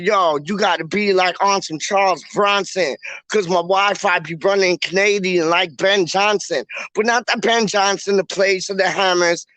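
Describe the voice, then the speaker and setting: Here the livestream host's voice is high and a little bright, with no room sound at all. His casual live chat is slangy and meandering, packed with "like" and frequent restarts.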